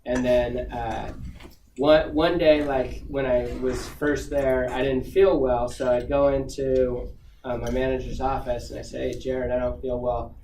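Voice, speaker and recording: A man's voice: medium pitch, steady tone, a little slow, warm tone. A man speaking as a guest to students in a casual, rambling way, full of fillers and restarts. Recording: echoey room, far from the mic, noisy.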